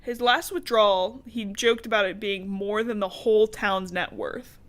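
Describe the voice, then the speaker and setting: A woman's voice: mid-range voice, moderate pace. Woman co-host, casual rambling recap, sarcastic asides. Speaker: podcast co-host recapping a book. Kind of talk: casual chat.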